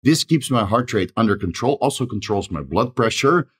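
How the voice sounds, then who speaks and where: A low, husky-voiced man talks fast in a solo advice monologue for his own channel. He rattles off long lists of numbers and doses, checking in with a quick "right?" along the way. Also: very animated, a bit bright. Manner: rapid, rattles off lists of dosages with frequent "right?" tags. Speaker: channel host giving advice.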